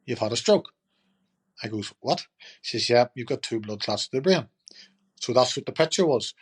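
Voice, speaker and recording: A middle-aged man, a podcast guest telling his story in a chatty, rambling way full of fillers. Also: mid-range voice. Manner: chatty, rambling, lots of "you know" and "turned around and says". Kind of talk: casual storytelling.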